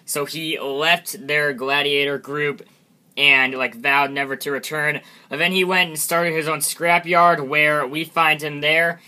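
Man, channel host, casual self-review, sharp bright tone, a bit high, self-deprecating, stop-start. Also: fairly even intonation, measured pace. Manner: self-deprecating, chuckling, restarts often. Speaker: channel host reviewing his own animation.

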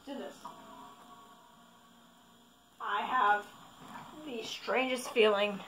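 A woman's voice: a little high, fairly even intonation, very slow. A woman giving casual, rambling commentary over a game she is playing, correcting herself as she goes, recorded in her bedroom. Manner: chatty, rambling, self-correcting. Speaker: gaming video creator. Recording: echoey room with faint noise.

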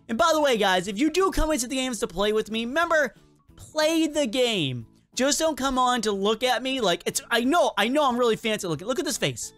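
A man hosting a casual let's-play video, talking in an excitable, rambling and self-mocking way as he comments on the game. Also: very high-pitched, normal speed, soft background music. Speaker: gaming video host.

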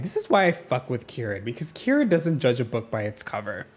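Excitable, sassy man doing game commentary. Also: normal speed, hardly any pauses, husky. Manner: excitable and gushing, with gasps and sudden pitch jumps; campy, sassy asides. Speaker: gaming video creator. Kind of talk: gameplay commentary.

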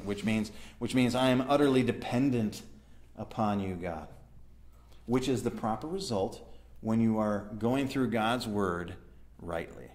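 A man's voice: on the low side, a little slow, a little mellow. A man leading a church Bible study. He reads verses aloud, explains them and asks his listeners questions.

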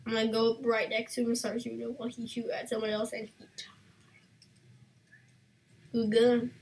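A woman giving live gameplay commentary as a gaming channel host, excitable and playful, quick to exclaim and tease. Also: fairly high pitch, a little hiss or hum.

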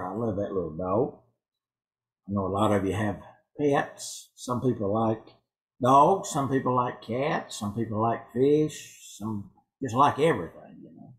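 A man's voice: mid-range voice, animated, normal speed, rough recording. A male pastor giving an evening sermon in a church, folksy and fond of telling jokes. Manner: folksy joke-telling preacher. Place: church sanctuary.

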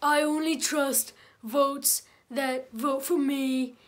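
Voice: high-pitched, fairly even intonation, slow, a bit bright. A performer doing a comedic impression of an angry, boastful older male politician who rants repetitively. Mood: angry ranting.

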